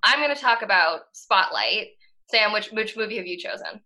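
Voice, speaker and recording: A young woman from the Boston area co-hosts a casual podcast. Her voice is bright and crisp, her takes are opinionated, and she laughs often between points. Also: medium pitch, animated, normal speed, low-quality recording. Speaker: podcast co-host.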